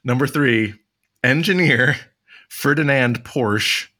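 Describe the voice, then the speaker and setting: A man's voice: fairly low pitch, takes it slowly, bright, forceful tone. A man in his thirties running a casual trivia podcast round, rambling a bit and laughing often. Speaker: trivia quizmaster.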